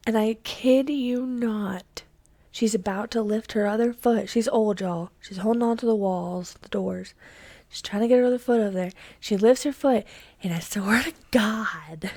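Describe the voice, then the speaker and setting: A woman's voice: mid-range voice, moderate pace, pauses often, dark tone, no echo. A young woman, hosting and telling a story casually, full of fillers, often dropping to a whisper for suspense. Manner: chatty, lots of fillers, drops to a whisper for suspense. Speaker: host.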